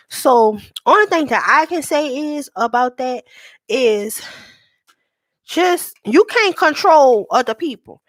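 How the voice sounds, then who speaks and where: Woman, tarot reader, candid, reassuring, fairly high voice, dry close sound. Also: lively intonation, dry recording. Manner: candid, reassuring, talks to viewers as sweetheart; reads card meanings slowly and deliberately. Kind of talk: live tarot reading to viewers.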